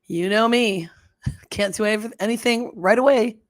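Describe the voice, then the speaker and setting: A woman's voice: fairly high pitch, a little slow, dry recording. A middle-aged woman hosting a casual livestream, chatty and rambling, laughing often as she fumbles with her settings. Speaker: livestream host.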